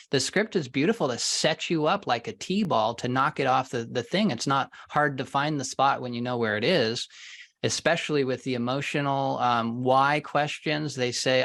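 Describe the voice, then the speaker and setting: A man being interviewed as a sales trainer over a video call, talking in an animated, emphatic way. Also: mid-range voice. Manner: animated and emphatic, stressing words for effect. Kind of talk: interview answers.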